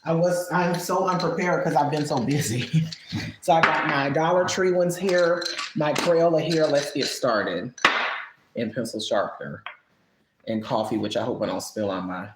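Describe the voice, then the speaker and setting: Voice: medium pitch, normal speed, heavy background noise. Chatty livestream host, roomy echo. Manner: chatty, expressive, sighs often. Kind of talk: casual live-stream chat while coloring. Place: at home.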